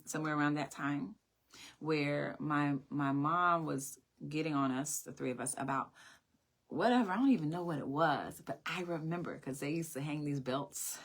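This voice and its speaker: Low voiced woman preaching, earnest personal story, repeats herself a lot. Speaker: speaker. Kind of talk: sermon-style personal testimony.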